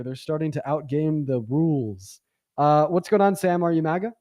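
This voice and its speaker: A man's voice: on the high side, lively intonation, a little fast, warm tone, no echo, clean studio sound. A young adult man hosting a livestream debate, casual and rambling with lots of fillers, often sarcastic.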